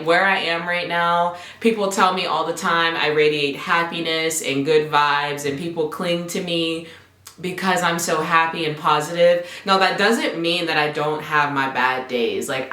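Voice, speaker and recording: A young woman spins a casual storytime for her vlog, chatty and animated, slipping into the voices of people she quotes. Her voice sits a little low for a woman, and the room around her rings with echo. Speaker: vlogger. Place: home apartment. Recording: echoey room.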